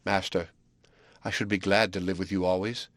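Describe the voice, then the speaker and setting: A man voicing a shy, earnest young Belgian woman, speaking softly and hesitantly. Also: deep voice, little pitch movement, moderate pace, dry recording. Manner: soft, quiet and hesitant.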